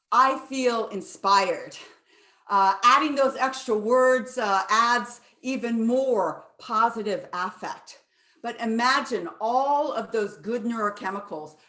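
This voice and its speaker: A woman's voice: mid-range voice, fairly bright tone, reverberant. A woman neuroscientist giving an enthusiastic online lecture, with fillers and restarts, speaking into a computer microphone.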